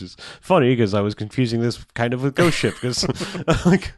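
A man's voice: mid-range voice, animated, a little fast, no room sound, clean studio sound. A man on a podcast recapping a movie in casual chat, rambling, swearing often and laughing as he retells scenes. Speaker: podcast co-host.

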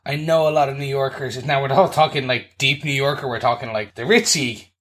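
Co-hosting a podcast, a man offers his casual take on a movie, emphatic and rambling. His mid-range voice is steady, fairly quick and a bit bright.

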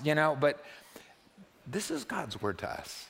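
A male pastor preaching a sermon in a church, playful and animated, swinging from loud, excited bursts to hushed, quiet passages. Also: high voice, slow pace, creaky, long pauses.

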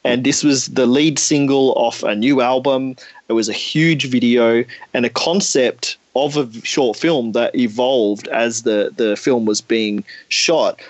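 A man's voice: medium pitch, steady tone, a little slow, dry recording. A man hosting an interview, asking questions with eager enthusiasm. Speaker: podcast host.

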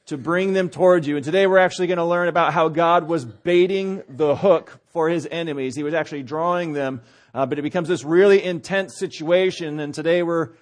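A man preaching a sermon, opening with a folksy story full of fillers and restarts, then building to emphatic preaching. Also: fairly high pitch. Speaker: pastor.

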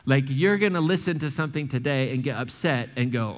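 Animated pastor in a reverberant hall. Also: male voice, medium pitch, brisk. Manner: animated, repeats and restarts words, talks directly to the congregation. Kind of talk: sermon with church announcements. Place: church sanctuary.

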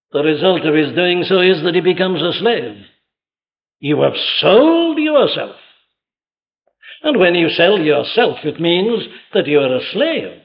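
A man preaching a sermon with emphatic delivery, rhetorical questions and vivid retelling of stories. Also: a little high. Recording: dull lo-fi old sermon tape.

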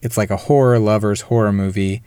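A man talks through a horror film on a podcast, in a smooth and resonant voice. The sound is dry and close, with no room around it. He breaks into quick impressions of the characters now and then. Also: fairly low pitch, no echo. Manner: animated, mimics characters in quick asides. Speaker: podcast co-host. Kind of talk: casual film discussion.

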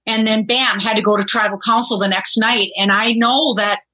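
A middle-aged woman, a guest on a podcast, telling stories in a lively way and laughing often. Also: on the high side, normal speed, poor audio. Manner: animated storyteller, laughs often. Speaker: guest, former reality show contestant. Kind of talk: casual podcast interview.

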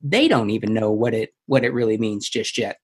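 Co-host, casual recap, mid-pitched, loose and rambling delivery. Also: lively intonation, brisk, darkish tone, slightly rough. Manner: loose and rambling, many fillers, breaks into silly sung impressions. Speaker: podcast co-host. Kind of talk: casual chat recapping a TV episode.

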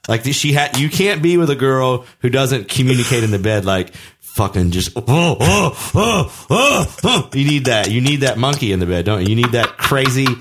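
A middle-aged man talks at an ordinary middle pitch, joking crudely with a friend on a podcast. He rambles and restarts his sentences. His teasing is loose and full of swearing. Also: fairly quick, fairly bright tone. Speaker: podcast co-host. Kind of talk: crude, joking casual chat.

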